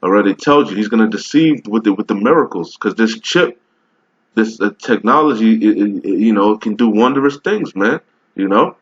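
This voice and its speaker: A man's voice: lowish voice, animated, moderate pace, slightly rough, highs cut off. A man giving casual, emphatic religious commentary over a video, rambling and often asking "all right?". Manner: rambling with many restarts while browsing.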